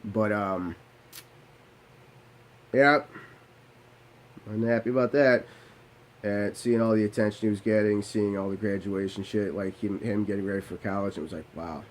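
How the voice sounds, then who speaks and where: Low-voiced man, blunt and profane. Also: moderate pace, darkish tone, a little hiss or hum, poor audio. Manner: candid, profane, self-deprecating; rambling with restarts. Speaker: vlogger. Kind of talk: confessional storytelling.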